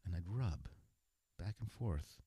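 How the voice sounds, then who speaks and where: A man's voice: sits low, lively intonation, takes it slowly. A man hosting a podcast and telling a personal story in a casual, frank way, with repeated fillers and restarts. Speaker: podcast host.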